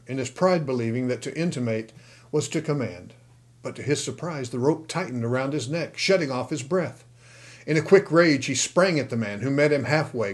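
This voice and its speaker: A man narrating an audiobook in a steady, expressive storytelling manner. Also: medium pitch. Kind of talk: scripted narration.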